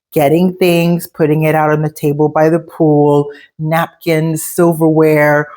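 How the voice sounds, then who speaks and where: Low-voiced woman telling a candid story. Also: a little mellow. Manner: candid, emphatic, conversational. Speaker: speaker sharing life lessons. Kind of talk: personal storytelling monologue.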